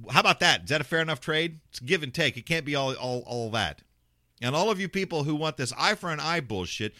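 A man's voice: fairly high pitch, pushed and bright, dry recording, clean studio sound. A man hosting a talk radio show, ranting bluntly and sarcastically with plenty of swearing. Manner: mocks callers in put-on voices.

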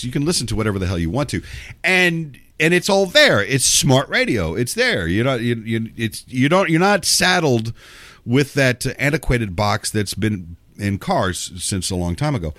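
A man rambles through a talk radio monologue, sarcastic and profane, restarting his sentences. His pitch swings widely as he talks, and the sound is dry and close. He is getting over a cold. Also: very animated, moderate pace, fairly bright tone, no echo. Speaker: radio show host.

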